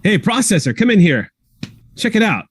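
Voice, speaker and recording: A man voicing a brisk, fussy but kind male robot medic in a tabletop game. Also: sits high, sing-song, breathy edge, no room sound, studio quality, voice pushed up, heavily acted.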